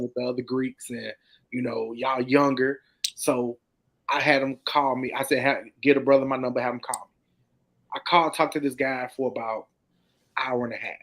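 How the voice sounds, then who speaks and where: A man's voice: mid-range voice, fairly bright tone. Laid-back man telling a story. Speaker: podcast co-host. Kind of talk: casual chat.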